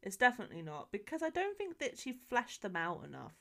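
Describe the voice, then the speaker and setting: Woman podcast cohost, super lively up and down pitch, swears a lot while recapping a movie. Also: fairly quick, creaky. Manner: animated storytelling, swears, laughs often. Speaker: podcast co-host. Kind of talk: casual chat.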